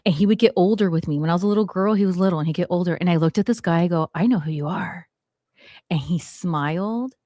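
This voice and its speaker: A woman in her forties hosting a talk show, telling a story in a lively way and acting out what people said. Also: lowish voice, fast talker, hardly any pauses, no room sound, clean studio sound. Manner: animated, acts out quotes, swears it is true. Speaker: podcast host. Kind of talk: storytelling chat.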